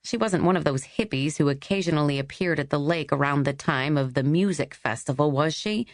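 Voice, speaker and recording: A woman narrating an audiobook in a wry, even storytelling manner. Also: low voice, brisk, no echo, studio quality. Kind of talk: scripted narration.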